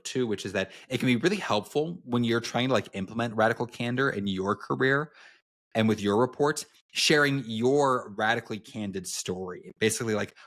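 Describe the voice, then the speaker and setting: A man's voice: mid-range voice, fairly bright tone. A young man co-hosting a podcast, telling stories in casual chat with many fillers and restarts. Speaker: podcast co-host.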